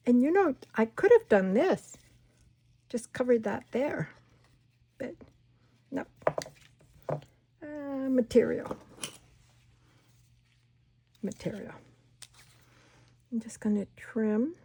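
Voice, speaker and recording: A woman hosting a casual crafting tutorial at home, chatting and talking herself through each step, sometimes dropping to a soft whisper. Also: a little high, expressive, drawn-out words, pauses often, breathy edge. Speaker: craft channel host.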